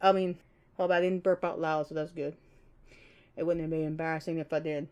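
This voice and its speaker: Chatty woman, mellow rambling podcast voice. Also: low-pitched, level tone, a little fast, clear, resonant tone, highs cut off. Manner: rambling, chatty, loose and unscripted. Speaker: podcast host. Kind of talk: casual solo podcast monologue.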